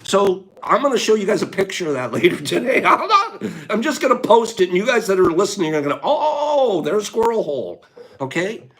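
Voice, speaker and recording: Animated high-voiced man chatting. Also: quick pace. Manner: animated, chatty, laughs often. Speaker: livestream host. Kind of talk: casual livestream chat.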